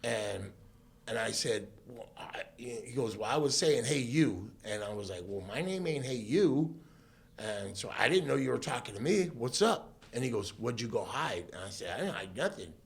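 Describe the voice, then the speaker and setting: A man's voice: medium pitch, moderate pace, creaky. A man from Southern California, a podcast guest, telling a story in a casual interview and acting out the voices of the people in it. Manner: animated storyteller who acts out quoted voices, laughs often.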